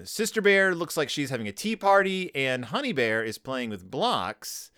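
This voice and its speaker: A man's voice: mid-range voice, smooth. A tired man hosting a podcast, chatting casually about a children's picture book in a rambling, wry way, with brief put-on voices for the characters. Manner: rambling, wry, self-interrupting, animated; puts on brief character voices when paraphrasing. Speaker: podcast host. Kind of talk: casual book review chat.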